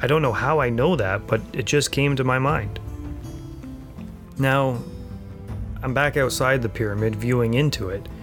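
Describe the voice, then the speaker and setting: Male host reading a first-person story aloud, measured and plain, mid-range voice, faint music bed. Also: mid-range voice. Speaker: podcast host. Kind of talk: scripted first-person narration.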